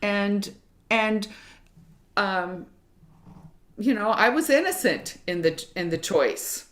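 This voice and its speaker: A woman's voice: medium pitch, lively intonation, slow, a bit bright. A middle-aged woman from Kentucky, a jazz singer, chatting casually as a guest and telling stories with many restarts. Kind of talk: casual chat.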